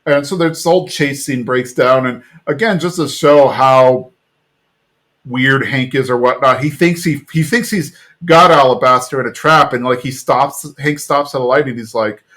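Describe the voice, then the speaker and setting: A man hosting a podcast, recapping an episode in an animated, chatty way full of "like". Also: mid-range voice, normal speed. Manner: animated storyteller, fillers like "like". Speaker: podcast host.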